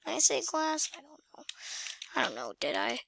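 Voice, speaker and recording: A woman's voice: high voice, huge pitch swings, moderate pace, gravelly, fairly bright tone, no room sound, clean studio sound. A woman casually talking through a driving game, muttering, whispering and exclaiming to herself. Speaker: gamer playing a driving game. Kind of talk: casual gameplay commentary.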